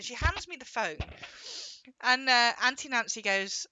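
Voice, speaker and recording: A woman's voice: fairly high pitch, moderate pace, pushed and bright. A young woman chatting casually while gaming, rambling and acting out quoted voices as she tells a story. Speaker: gaming co-host.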